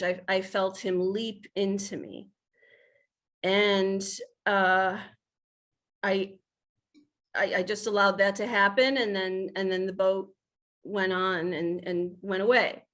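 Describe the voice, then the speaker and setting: A woman's voice: medium pitch, a bit bright. A woman in her fifties from the United States, a guest telling a personal spiritual story in an earnest, heartfelt way, often restarting her sentences. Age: 50s.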